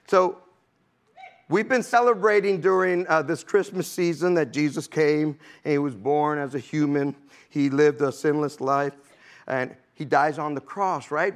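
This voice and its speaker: A man with a high-pitched voice delivers a relaxed, chatty sermon to a congregation. He keeps the crowd engaged by asking "amen?" and "okay?", with a light laugh now and then between points. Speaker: preacher.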